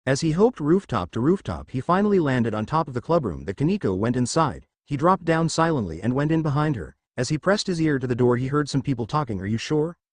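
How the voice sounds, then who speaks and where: A man reading out a fan-fiction story as scripted narration, with a lively, animated delivery. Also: medium pitch, brisk, hardly any pauses, no room sound.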